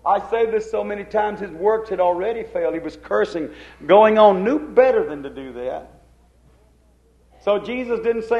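A man preaching a sermon with fervor, his voice sitting high and swinging between hushed and emphatic. The recording is echoey and dull, as if captured in a reverberant room on old equipment. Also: lively intonation, moderate pace.

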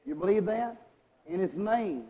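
A man preaching a sermon, questioning his congregation and asking them to agree, his loudness swinging between strong and hushed. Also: high-pitched, expressive, a little slow, breathy edge. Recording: lo-fi recording with a long hall echo.

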